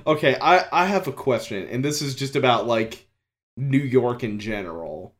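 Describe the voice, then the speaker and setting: Young man, casual chat, rambling, swearing, quick asides, mid pitch. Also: expressive, a bit bright.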